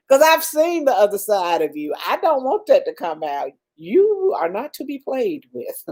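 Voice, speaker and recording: An older woman hosting a casual livestream, reading viewer comments aloud in a slow, drawn-out way with frequent laughter and religious phrases. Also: sits high, sing-song, a little mellow.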